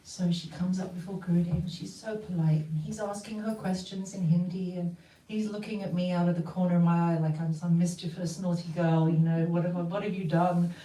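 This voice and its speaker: A woman's voice: on the low side, flat delivery, brisk, dark tone. A woman from the West telling a personal story to a group, acting out the voices she quotes. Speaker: storyteller sharing a memory. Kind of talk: casual spoken testimony. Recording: roomy, distant mic with faint ambience.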